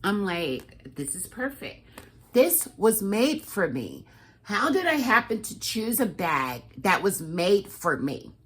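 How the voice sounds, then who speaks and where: A woman chatting to camera as a cross-stitch vlogger, gushing and excitable as she talks straight to her viewers. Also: medium pitch. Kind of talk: casual chat to camera.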